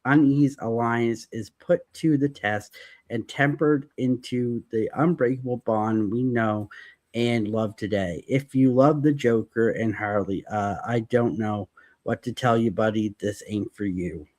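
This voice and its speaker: A man's voice: mid-range voice, a little slow, a little mellow. Jokey man reading comic blurbs. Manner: jokey, reads out blurbs with asides. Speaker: podcast host. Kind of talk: casual comics review chat.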